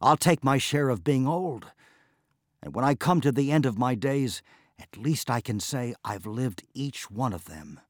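A man's voice: medium pitch, expressive, unhurried, no echo, studio quality, voice pushed up. A man voicing a distressed aging farmer who groans and cries out in rising outbursts. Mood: frantic.

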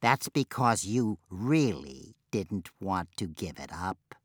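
A man voicing a curt, snappish dwarf who lectures in a measured way. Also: deep voice, sing-song, breathy edge, no echo, studio quality, heavily acted. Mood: scolding. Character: curt, snappish red-headed dwarf, scolding mortals.

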